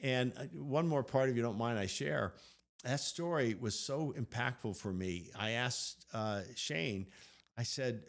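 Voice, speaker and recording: A middle-aged man co-hosting a faith podcast, telling stories in an animated, excited way. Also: medium pitch, measured pace, creaky. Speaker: podcast co-host. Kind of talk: casual storytelling chat.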